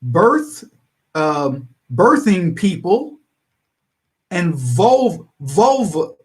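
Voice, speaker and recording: A male talk radio host speaking in a fairly high voice that swings widely up and down. He tells stories animatedly, acts out other people's lines and chuckles between his points. The delivery is political livestream commentary. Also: sing-song, very slow, darkish tone.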